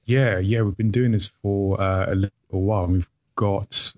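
Low, flat-voiced British man. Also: moderate pace, no echo. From Britain. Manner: relaxed, hesitant, many fillers. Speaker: guest, manga publisher. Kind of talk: casual interview. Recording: dull lo-fi sound.

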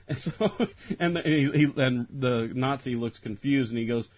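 A man's voice: medium pitch, moderate pace. A man on a podcast, chatting casually about a film, rambling with lots of restarts and laughter. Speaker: podcast co-host reviewing a film. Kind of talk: casual chat. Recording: dull lo-fi audio.

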